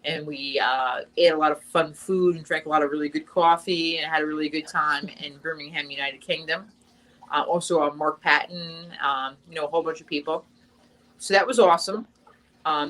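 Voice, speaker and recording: A woman's voice: low voice, fairly even intonation, a little fast, fairly bright tone, low-quality recording. A young adult woman chatting casually in an interview as the guest actress, talking in long runs with lots of fillers and restarts.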